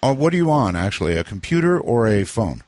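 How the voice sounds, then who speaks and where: Lively man hosting late-night call-in radio. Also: on the low side, a little fast, no echo. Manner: easygoing, chatty banter with callers. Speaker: radio talk show host.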